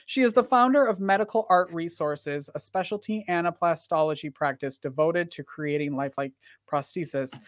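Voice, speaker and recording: A man's voice: sits high, a bit bright, no echo, clean studio sound. A man hosting a casual live podcast chat, rambling with lots of fillers and joking at himself. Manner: rambling and self-deprecating, with many fillers. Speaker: podcast host.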